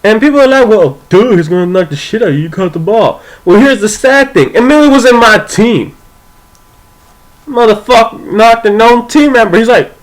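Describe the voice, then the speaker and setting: A young man spins a casual story from his school days, his voice lively and bouncing up and down as he acts out what everyone said. He talks loosely and swears freely. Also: normal speed, rough recording. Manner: animated, profane, acts out quoted voices with big pitch jumps. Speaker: vlogger telling a personal story.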